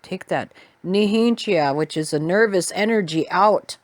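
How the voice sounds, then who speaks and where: A woman quoting her elderly grandmother, a kind, calm old lady, in a higher and livelier voice than her own. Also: a little slow, no room sound, lightly acted. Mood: amused.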